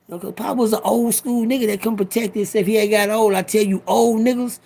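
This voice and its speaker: A middle-aged man tells a story to his livestream audience in a loose, profane, animated way, stopping now and then to speak to the viewers. His voice sits a little high and has a gravelly edge. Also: a little fast. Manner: profane, rambling, animated, breaks off to talk to viewers. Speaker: storyteller addressing live viewers.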